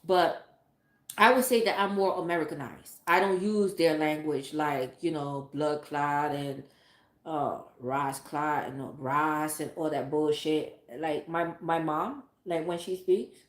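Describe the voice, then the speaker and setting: Low-voiced woman chatting candidly in an echoey room. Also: a little slow. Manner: candid and profane, rambling with fillers like "like" and "um". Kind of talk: casual chat.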